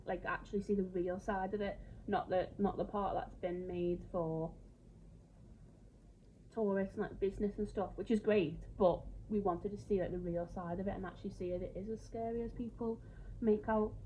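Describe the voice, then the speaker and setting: A woman's voice: mid-range voice, steady tone, normal speed, mellow. A woman chatting casually about her travels, open and emotional. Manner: chatty, emotional, tearful at times. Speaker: travel vlogger. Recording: dull lo-fi sound, faint noise.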